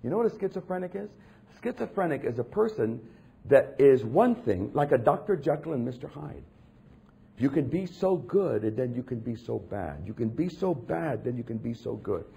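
Husky, animated male preacher. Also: moderate pace. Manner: dramatic, emphatic preaching that swings from low and hushed to loud and intense. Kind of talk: sermon.

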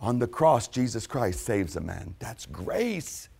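A man in his fifties preaching a sermon, dramatic and repetitive, dropping from loud exclamations to hushed phrases. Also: mid-range voice, big pitch swings, slow, gravelly, slightly rough.

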